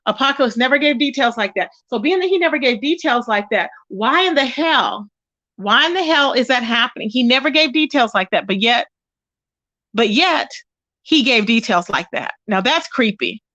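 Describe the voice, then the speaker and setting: A chatty woman hosts a gossip livestream, greeting viewers warmly by name. Her voice sits a little high, close to the mic in a dry space. The stream audio is dull and lo-fi. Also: lively intonation, moderate pace, no echo. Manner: chatty, greets viewers by name, calls them child and baby. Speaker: livestream commentary host. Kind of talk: casual livestream gossip chat.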